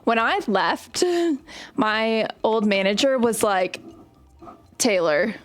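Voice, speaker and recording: A woman's voice: fairly high pitch, slow, a bit bright. A young woman chatting casually and telling stories while she plays a game on stream. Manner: chatty, storytelling while playing. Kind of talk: casual gaming stream chat.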